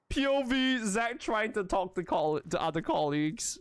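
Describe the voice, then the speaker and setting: A young man livestreaming in a casual, rambling chat, excitable, often laughing and squealing, with lots of restarts. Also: sits high, moderate pace, clear, resonant tone, dry recording. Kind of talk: casual live-stream chat.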